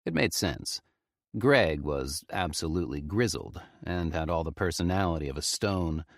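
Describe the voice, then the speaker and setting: Low-voiced man narrating horror. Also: moderate pace, no echo, clean studio sound. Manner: expressive, tense storytelling. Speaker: audiobook narrator.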